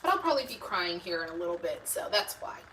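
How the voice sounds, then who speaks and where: A woman's voice: fairly low pitch, big pitch swings, quick pace, recorded from a distance, poor audio. A woman hosting a live cooking stream from her home kitchen, rambling casually to viewers and reading their comments aloud. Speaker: homemaking channel host. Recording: loud background noise in a home kitchen.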